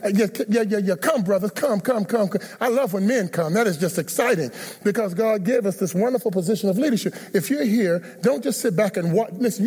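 A male pastor with a high, mellow, slightly husky voice gives an earnest sermon altar call, pleading with listeners again and again to come forward. His words carry a long echo, as if he is in a large church hall. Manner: earnest, repetitive pleading invitations. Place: church sanctuary.

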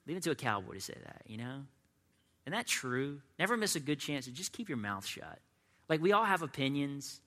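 A man's voice: medium pitch, big pitch swings, brisk, fairly bright tone, big-room sound. A man preaching a conversational sermon as a pastor, often slipping into imagined voices of his listeners. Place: church sanctuary.

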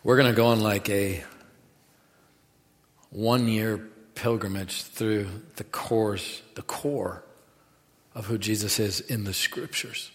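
A man preaching a sermon in a lively, animated way, dropping to quiet asides and rising to loud bursts. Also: fairly low pitch, slow pace, pauses often. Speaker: pastor. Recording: reverberant hall.

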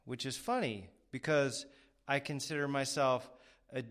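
A man's voice: mid-range voice, measured pace, fairly bright tone. A man hosting a podcast interview, rambling casually with lots of fillers and self-deprecating asides. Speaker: podcast host.

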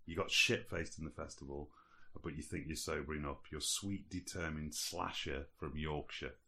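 A man's voice: rumbling low, fairly even intonation, moderate pace, bright, forceful tone, husky. A man casually setting up an improvisation scene, giving instructions. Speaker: host running improvisation. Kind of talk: casual chat.

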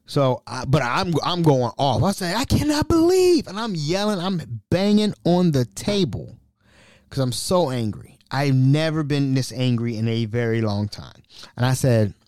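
A man hosting a podcast, telling a story in an animated, casual way and sometimes dropping to a whisper. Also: medium pitch, unhurried, no echo. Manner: animated, drops to whispers when quoting himself. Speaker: podcast host.

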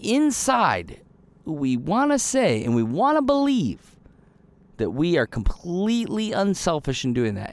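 A man in his thirties preaching a casual, candid sermon, full of fillers and little acted-out quotes. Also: on the high side. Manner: conversational and candid, many fillers, acts out little quoted voices. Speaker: pastor.

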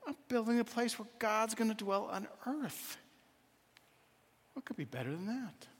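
A woman's voice: a little high, animated, a little slow, husky, in a large hall, pitched above the performer's own voice. A man voicing a cheerful woman custodian who talks in a sing-song, gushing way. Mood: devoted.

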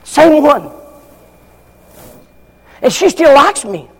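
An older man preaching a fiery sermon, shouting at times and acting out members of the congregation. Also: very high voice, big pitch swings, extremely slow.

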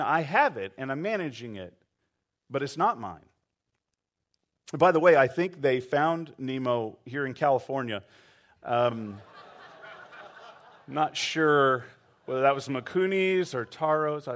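A man's voice: medium pitch, fairly bright tone. A man preaching a sermon, acting out quoted voices and asking the congregation to respond. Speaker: pastor.

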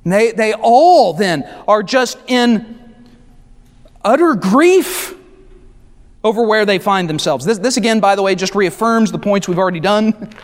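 A man with a strikingly high voice preaches a sermon in a church, speaking conversationally and throwing asides to the congregation. He slows right down to lean on important words. A long reverb from the big hall trails after every phrase. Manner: slows down to stress key words. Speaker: pastor.

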